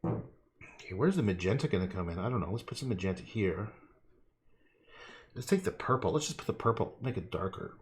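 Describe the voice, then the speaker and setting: A man's voice: on the low side, lively intonation, brisk, pauses often. A man livestreaming as he paints, rambling to himself with casual swearing and self-mocking jokes. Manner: playful, self-mocking asides. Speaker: painter livestreaming his work. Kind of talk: rambling live commentary while painting.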